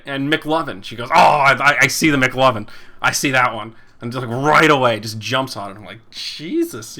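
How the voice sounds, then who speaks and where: A man's voice: mid-range voice, pushed and bright. A man in his twenties hosting a casual podcast, rambling and chuckling as he reads viewer comments and acts out the people he quotes. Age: 20s. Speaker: podcast host and esports caster. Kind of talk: casual chat reading live chat.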